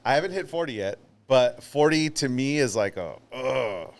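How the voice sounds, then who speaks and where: A man's voice: medium pitch, expressive, normal speed, crowd noise. Easygoing man in his thirties, joking. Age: 30s. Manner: easygoing, joking, swears casually. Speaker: podcast co-host. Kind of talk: casual chat.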